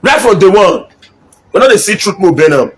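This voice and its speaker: A middle-aged Nigerian man with a high, husky voice delivers a fiery political address. He slides between Pidgin and English and hammers his points home by repeating them. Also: very animated, normal speed, a bit bright. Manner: impassioned, mixes Pidgin and English, repeats for emphasis. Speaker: local politician. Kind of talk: political speech.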